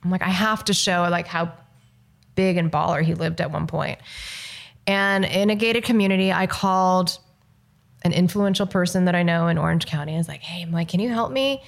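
Woman telling a lively story. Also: on the low side, moderate pace, gravelly. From Los Angeles, United States. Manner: lively storyteller acting out quoted dialogue. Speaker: guest filmmaker. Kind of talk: casual interview storytelling.

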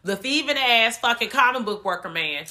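A woman co-hosting a podcast, retelling a movie in animated, profane casual chat full of slang. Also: on the high side, normal speed. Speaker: podcast co-host reviewing a film.

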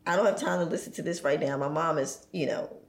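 A woman's voice: sits low, quick pace, echoey room. A woman speaking reflectively in a casual conversation, sharing her own experience.

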